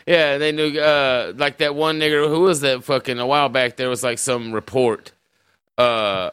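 A man hosting a streamed talk show. His voice is bright and crisp, recorded close and dry with no room sound. He talks loosely and profanely, rambling through his points. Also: mid-range voice, fairly even intonation, normal speed, no echo. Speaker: podcast host. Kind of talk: casual livestream conversation.

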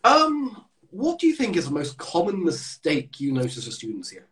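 Brief: male podcast host, animated lilting delivery, slightly high voice. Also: moderate pace, poor audio. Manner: chatty, asks interview questions. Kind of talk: casual podcast conversation.

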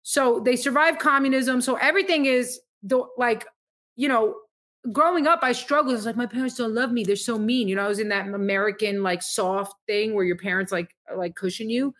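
High bright-voiced woman, emphatic storyteller. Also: normal speed. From Montenegro. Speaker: guest comedian. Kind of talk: casual podcast chat.

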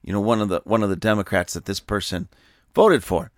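Male podcast host, emphatic and preachy, lively storyteller with a dry, close sound. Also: lowish voice, brisk, no room sound. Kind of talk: political commentary podcast.

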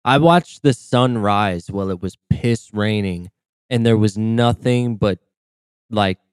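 A man's voice: on the low side, takes it slowly, smooth, no echo, studio quality. A man co-hosting a casual podcast, laid-back and teasing, swearing as he recalls a hunting morning. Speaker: podcast co-host. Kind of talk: casual storytelling chat.

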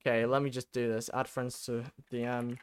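A man's voice: mid-range voice, completely flat delivery, fairly quick, smooth. A teenage boy from Britain hosting a casual podcast, bantering and laughing often. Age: teens. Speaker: podcast host. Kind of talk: casual chat.

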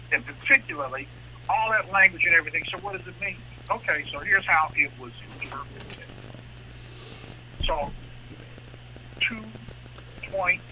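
Man, impassioned talk-show host, high pitch, faint background hiss. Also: low-quality recording. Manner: impassioned, rising into animated outrage. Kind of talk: radio talk show discussion.

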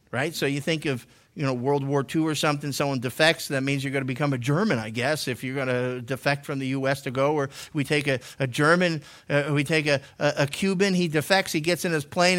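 A male pastor from Massachusetts delivering a sermon like a casual story, joking and full of asides. He restarts his sentences and circles back as he goes, and his voice sits a touch high for a man. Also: a bit bright. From Massachusetts, USA. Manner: jokey, conversational storytelling with many restarts. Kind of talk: sermon teaching.

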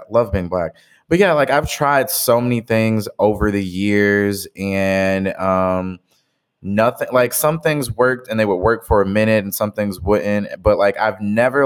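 A young man with a deep, low voice talks in a loose, rambling way, filling his sentences with "like" and "you know." He sounds like a casual podcast co-host sharing a personal story with a friend. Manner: rambling, heavy use of "like". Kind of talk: casual chat.

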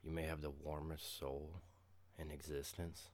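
Deep-voiced man venting with profanity. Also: level tone, unhurried. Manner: profane, emphatic, sarcastic ranting; quiet and low at first, growing loud and heated. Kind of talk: casual monologue venting.

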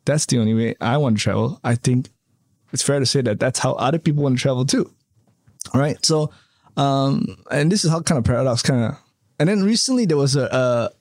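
A man's voice: mid-range voice, brisk, darkish tone, no echo, studio quality. A man being interviewed in a casual chat, rambling with many fillers and tag questions. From Canada. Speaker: interview guest, hotel developer.

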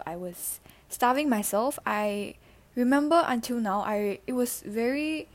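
A teenage girl from Singapore, hosting a personal podcast. She talks in a halting, emotional way, with many fillers and restarts, into a handheld mic. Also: on the high side, animated. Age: teens. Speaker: podcast host.

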